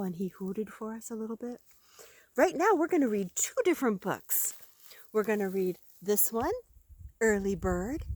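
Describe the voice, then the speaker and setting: Outdoors by the woods, an older woman with a voice on the high side reads picture books aloud to a child. She's gentle and expressive, gasping and asking the listener questions.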